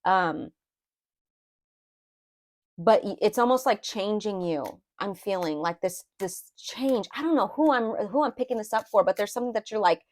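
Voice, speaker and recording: Her mid-range voice is expressive and moves at a normal pace while she reads tarot casually. She's a tarot reader who rambles and confides, restarting often and using lots of fillers, with her own feelings laid bare emotionally.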